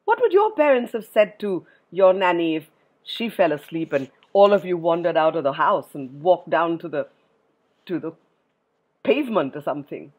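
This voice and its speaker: A woman reading a poem aloud to children in an expressive way, often stopping to ask her listeners questions. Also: fairly low pitch, moderate pace. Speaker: storyteller for children.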